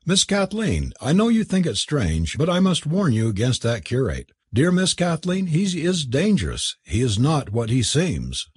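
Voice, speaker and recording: A flustered cook in disguise, anxious and servile, pleading in a raised, husky voice, as a man reads the part. The delivery is dry and close, with plenty of swing in the pitch. A storybook figure played for comedy. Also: huge pitch swings, moderate pace, few pauses, no room sound, heavily acted.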